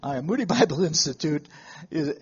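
A man preaching a sermon to a live congregation, telling stories in a folksy way with halting restarts and questions to the room. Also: a little high, animated, darkish tone, husky, muffled recording.

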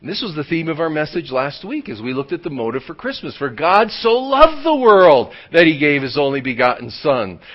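A man preaching a sermon as pastor, swinging from loud emphatic lines to hushed near-whispers and drawing key words out slowly. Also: a little high, sing-song. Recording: dull lo-fi sound.

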